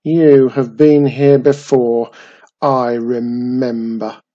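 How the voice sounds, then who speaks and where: A man voicing a grumpy old male cave goblin with a loud, growling voice. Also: medium pitch, flat delivery, very slow, muffled recording.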